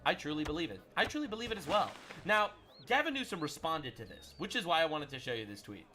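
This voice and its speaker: A brash, sarcastic male streamer rants through political commentary in a high, bright voice. He swears freely and talks with edgy, mocking energy. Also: very animated, fast, slight background noise. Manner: brash, profane and sarcastic ranting. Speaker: livestream host.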